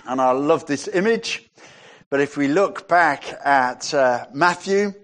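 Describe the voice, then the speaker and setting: A man preaching a sermon, reading scripture passages aloud and rising in pitch when he stresses a point. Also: animated, slow, fairly bright tone.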